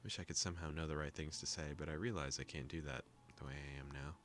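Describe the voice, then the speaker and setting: A young man hosting a gaming video, calmly reading a visual novel aloud with joking asides. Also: extremely low pitch, quick pace, slight background noise.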